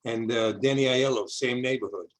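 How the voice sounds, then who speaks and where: An older man from the South Bronx, New York, hosts a casual video-call interview, rambling along, repeating words and restarting his sentences. His voice sits in the mid range at a normal speed, and the recording is rough.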